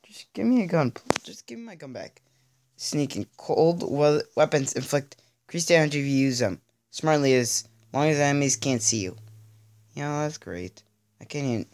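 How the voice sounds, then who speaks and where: A man giving let's-play commentary, exasperated and stammering, often pleading out loud with the game. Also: on the high side, animated, moderate pace. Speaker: gaming video creator.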